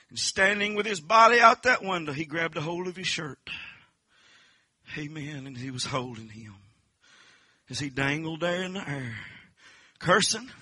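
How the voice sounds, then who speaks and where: A man preaching a revival sermon with an altar call, swinging from hushed storytelling to shouted, sing-song pleading. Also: a little high, slightly rough, no room sound. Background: music.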